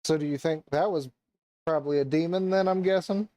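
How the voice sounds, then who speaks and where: Rambling young man, slightly high voice. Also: brisk, warm tone, dry recording, rough recording. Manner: rambling, hesitant, many fillers and restarts. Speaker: podcast co-host. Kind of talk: casual chat.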